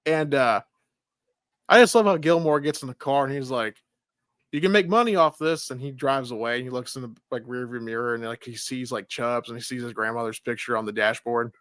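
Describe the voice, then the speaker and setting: A man's voice: fairly even intonation, fairly quick, no room sound, clean studio sound. Rambling, swearing man in casual chat. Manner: rambling, swears freely, acts out movie lines in a loud high voice. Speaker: podcast co-host reviewing a film.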